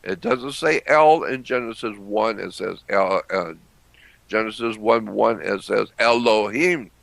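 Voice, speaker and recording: A man giving a deliberate explanatory lecture, repeating phrases and clearing his throat often. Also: fairly low pitch, a bit bright, dry recording.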